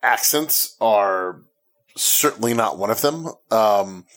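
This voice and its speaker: A man co-hosting a casual film discussion, giving measured, hedging opinions. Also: on the low side, lively intonation, fairly bright tone. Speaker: podcast co-host.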